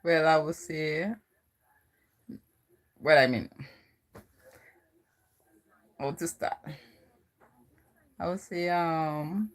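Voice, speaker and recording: Speaking with a Virgin Islands accent, this young vlogger from the islands keeps her casual chat loose and wandering, leaning on "you know" throughout. Her voice is low-pitched and her pace slow.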